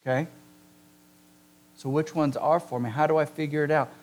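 A man's voice: a little high, fairly even intonation, darkish tone. Emphatic, joking male preacher. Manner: conversational, joking asides with the congregation; emphatic, slows down to stress key words. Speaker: pastor. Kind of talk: sermon.

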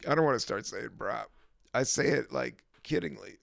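A man hosting his own podcast, a stand-up comedian talking in a relaxed, meandering way with lots of fillers and a gravelly voice. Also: mid-range voice, normal speed, dry recording, clean studio sound. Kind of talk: casual rambling monologue.

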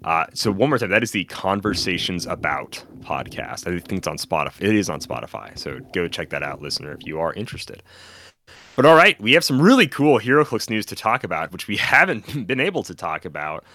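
Low-voiced man, casual podcast host. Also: a little fast, a little hiss or hum. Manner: rambling, animated storytelling with acted-out quotes. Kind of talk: casual chat.

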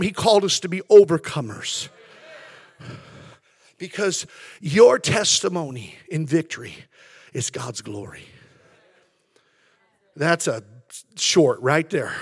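A male pastor preaching a fervent sermon in church, swinging between shouted declarations and hushed, intense passages. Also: fairly high pitch, animated, slow pace, pauses often, husky, no room sound.

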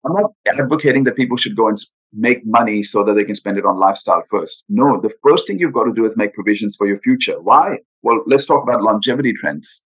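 A man's voice: lowish voice, fast talker, few pauses, a bit bright, slightly rough, poor audio. A man talking in an interview about retirement planning, earnest and emphatic, with frequent rhetorical questions. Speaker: guest financial adviser. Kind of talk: podcast interview.

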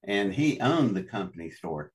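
A man's voice: fairly low pitch, big pitch swings, normal speed, far from the mic. An older man from West Virginia, a show guest telling long folksy stories with chuckles. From West Virginia, USA. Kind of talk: storytelling interview.

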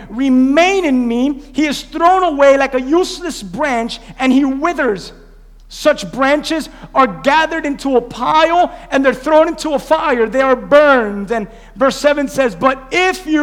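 A man preaching a sermon, pausing to quiz his congregation and have them repeat lines back. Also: very high-pitched, big-room sound. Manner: call-and-response preaching, quizzing the congregation. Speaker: pastor. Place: church sanctuary.

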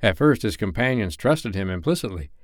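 Lively male storyteller with a low voice. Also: a little fast, no echo, studio quality. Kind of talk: reading a classic novel aloud.

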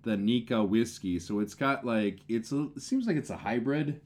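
A man co-hosting a casual podcast while drinking, tipsy, emphatic and profane, getting excitable as he argues. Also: mid-range voice, normal speed. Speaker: podcast co-host. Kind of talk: casual drinking-show banter.

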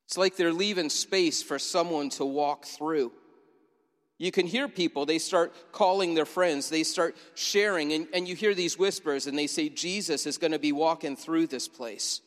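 A fairly high-voiced man preaches a sermon, painting a scene and inviting the congregation to imagine themselves in it. His voice rings out with a long reverb through a church sanctuary. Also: normal speed. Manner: vivid storytelling, inviting listeners to imagine. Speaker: pastor.

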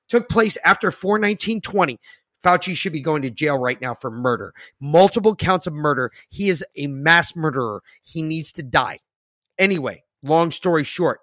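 Guy hosting a podcast, kinda high voice, cussing and bragging, reading stuff out then yelling, dead dry mic. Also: no room sound. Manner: profane, boastful, swings from muttering to loud outbursts. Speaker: podcast host. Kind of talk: ranting podcast chat, reading an article aloud.

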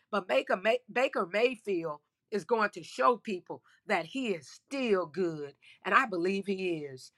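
A woman's voice: mid-range voice, a bit bright. A woman hosting a casual football talk show, chatty and emphatic, speaking to her listeners while losing her voice. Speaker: sports podcast host. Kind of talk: casual sports commentary.

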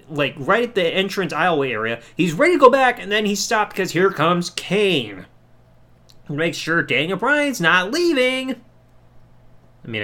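Male podcast host, high voice, casual profane recap. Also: a bit bright. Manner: loose, profane play-by-play recap. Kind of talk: casual wrestling show review.

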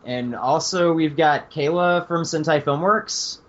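A man's voice: a little high, measured pace. Laid-back man hosting a podcast. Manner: loose, laughing, filler-heavy. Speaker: podcast host. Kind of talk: casual chat. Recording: dull lo-fi podcast audio.

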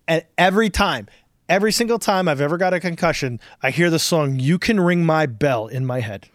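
A man's voice: fairly high pitch, a little fast, dry recording. Rambling, profane man, dry mic. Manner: rambling, profane, animated storytelling. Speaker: podcast host. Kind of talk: casual chat.

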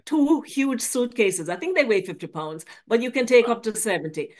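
A chatty woman in her seventies speaks as a guest in a relaxed conversation. Her voice sits a little high for a woman, and she tells her story with easy laughter. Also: moderate pace. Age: 70s. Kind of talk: casual chat.

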